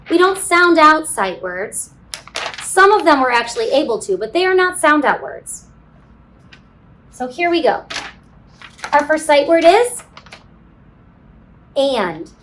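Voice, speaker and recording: A woman leads a kindergarten phonics lesson in a slow, sing-song, encouraging way. Her voice sits high and swoops widely, and she drops in playful sound effects. Every word comes very slowly and carefully. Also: very animated, fairly bright tone, a little hiss or hum. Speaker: kindergarten teacher. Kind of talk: teaching a phonics lesson to young children. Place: classroom.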